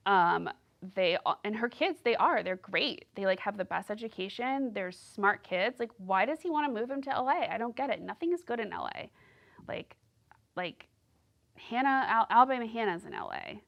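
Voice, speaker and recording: A woman's voice: mid-range voice, lively intonation, moderate pace, creaky, highs cut off. A woman hosting a casual solo podcast, gossiping and rambling with lots of "like". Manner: gossipy, rambling, heavy use of "like". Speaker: podcast host.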